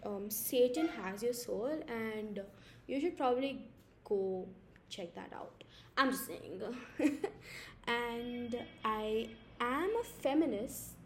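A young woman from India with a squeaky voice, rambling and giggling through an improvised podcast from home late at night. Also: a little hiss or hum. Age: young adult. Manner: giggly, rambling, self-mocking. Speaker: podcast host. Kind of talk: casual improvised podcast chat.

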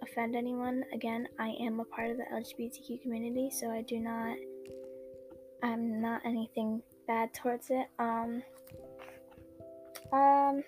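A young woman with a fairly high voice chats casually with her listeners, hesitant and full of little ums. Music plays steadily behind her. Her reading is loose and unscripted. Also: little pitch movement, measured pace, long pauses, a little mellow. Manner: chatty, hesitant, lots of ums. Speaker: fan fiction storyteller. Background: background music.

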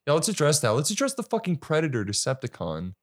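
A man in casual podcast chat, animated and swearing freely as he riffs with his friends. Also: fairly high pitch, fast talker. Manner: animated, swears freely, does jokey impressions.

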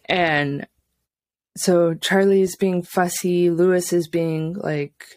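A woman's voice: fairly low pitch, fairly even intonation, slow, darkish tone, no room sound. A young woman co-hosting a casual parenting chat, telling blunt stories and swearing freely. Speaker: podcast co-host.

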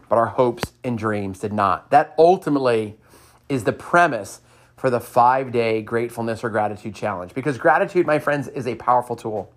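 A man hosting a motivational podcast, cheering listeners on with repeated upbeat lines and a personal story. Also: mid-range voice. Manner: enthusiastic, sing-song cheerleading repetition.

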